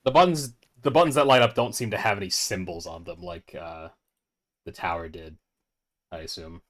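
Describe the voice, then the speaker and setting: A man's voice: low-pitched, steady tone, normal speed, a bit bright. A playful man playing a tabletop role-playing game and joking with the table. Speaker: player.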